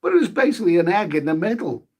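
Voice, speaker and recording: Husky chatty man on a live stream. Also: high-pitched, very animated, very fast, a little mellow. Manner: chatty, eats while talking, swears mildly, reads viewer names aloud. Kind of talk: casual live-stream chat reading comments.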